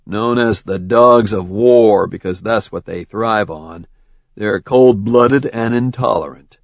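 A male narrator voices a stern immortal leader who sounds calm, dry and used to giving orders. The delivery is measured and even, on the low side and creaky. The audiobook recording is dull and dry, with no echo.

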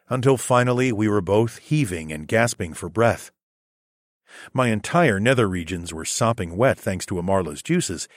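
Male first-person audiobook narrator, lowish steady voice, dry booth sound. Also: dry recording.

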